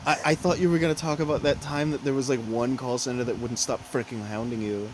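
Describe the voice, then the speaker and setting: A podcast co-host in casual chat, telling animated stories full of acted-out voices and sound effects. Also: mid-range voice, fast, a little hiss or hum, rough recording.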